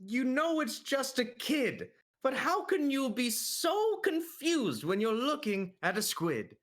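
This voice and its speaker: A man's voice: very high voice, big pitch swings, slow, fairly bright tone, heavily acted. A man doing an impression of a whimsical rhyming children's author in improv comedy, speaking in sing-song rhymes.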